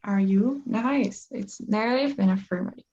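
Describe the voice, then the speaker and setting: Patient woman tutor, gravelly, lo-fi. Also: mid-range voice, dark tone, a little hiss or hum. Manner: patient, slow explanations with restarts. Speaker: English tutor. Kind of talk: one-on-one online lesson.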